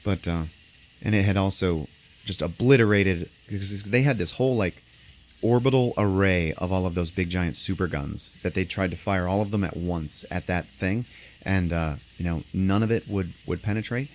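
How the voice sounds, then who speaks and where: A man's voice: sits low, normal speed. A man casually recapping a movie on a podcast, rambling with lots of fillers and acting out lines. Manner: rambling, many fillers, acts out quotes.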